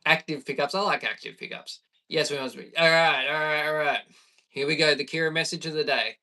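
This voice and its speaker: An Australian man in his thirties, a bass player chatting easygoing with viewers on a live stream. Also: fairly quick, pushed and bright, recorded from a distance. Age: 30s. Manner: chatty and easygoing, reading viewer questions aloud.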